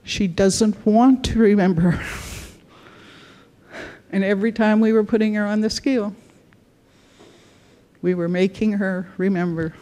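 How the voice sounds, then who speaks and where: A woman's voice: mid-range voice, steady tone, a little slow, pauses often, dark tone. A woman giving a conference talk, telling client stories earnestly in short phrases. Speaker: conference speaker.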